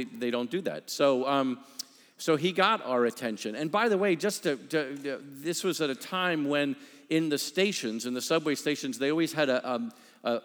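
Man, preacher, sermon, storytelling, stumbling restarts, wry asides, long hall reverb, mid-pitched. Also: fairly bright tone. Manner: storytelling, halting restarts and self-deprecating asides.

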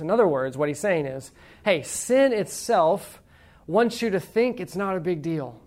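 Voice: medium pitch, expressive, moderate pace, creaky, a little mellow. A preacher giving a sermon in a conversational way, asking the congregation rhetorical questions, reading quotations aloud with emphasis and dropping playful asides.

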